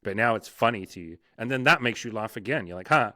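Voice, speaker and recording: A man's voice: lowish voice, fast talker, bright, forceful tone, dry recording, clean studio sound. A male coach talking frankly in a casual interview, swearing freely and acting out inner voices.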